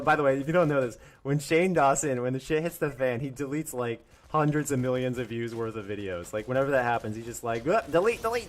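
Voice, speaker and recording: A man's voice: mid-range voice, a little hiss or hum. A young man ranting on his own live stream, angry and profane, mocking others in put-on voices and laughing often.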